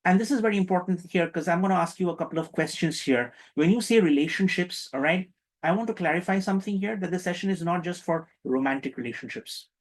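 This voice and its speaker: A man's voice: high voice, fast talker, poor audio. A man teaching a spiritual workshop, joking, stressing his points hard and getting the audience to join in. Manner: playful, joking, emphatic, engages the audience. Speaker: meditation workshop instructor. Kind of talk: interactive spiritual workshop talk.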